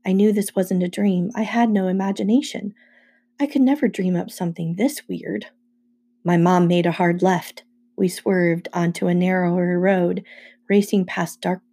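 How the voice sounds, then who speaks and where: A woman reading a first-person novel aloud with brisk storytelling. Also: fairly low pitch, vocal fry, warm tone, slightly rough. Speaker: audiobook reader.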